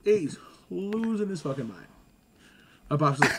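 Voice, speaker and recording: A man telling stories in casual chat as a guest, animated and slangy, laughing along. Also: fairly high pitch, unhurried, heavy background noise.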